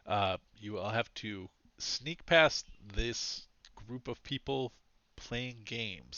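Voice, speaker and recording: Man as game master, very bright voice, dry muffled call audio, chatty with fillers. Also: medium pitch, no room sound. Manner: chatty, laughs often, many fillers. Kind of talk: narrating a tabletop game.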